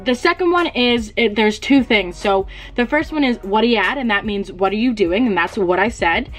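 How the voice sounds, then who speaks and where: A woman's voice: medium pitch, expressive, normal speed, hardly any pauses, a bit bright, soft background music. A young woman vlogging a casual DIY beauty tutorial at home, chatty, laughing at herself and swearing casually.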